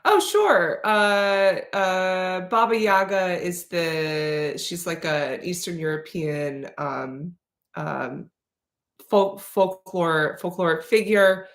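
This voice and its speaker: Speaking slowly in a lowish voice with fairly even intonation, this Slavic-heritage woman runs a relaxed livestream Q&A. She rambles and plays around, restarting often and leaning on fillers, all in an echoey room.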